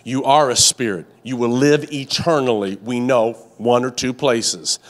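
This pastor's mid-range voice is fairly even in intonation and a little slow as he preaches to his congregation in the church sanctuary and online. He relies on a repetitive cadence and call-and-response prompts, stammering and starting over when he grows heated.

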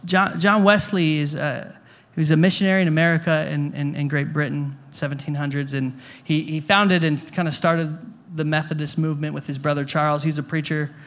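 Guy preaching at a church, kinda high voice, talks casual and asks the crowd stuff. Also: steady tone, brisk, few pauses, a bit bright. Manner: conversational, repeats words, asks the room questions. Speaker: pastor. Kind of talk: sermon. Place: church hall before a congregation.

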